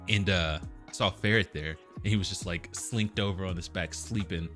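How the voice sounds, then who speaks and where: A man hosting a casual stream chat, easygoing and quick to laugh. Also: deep voice, fairly bright tone, faint music behind. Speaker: host.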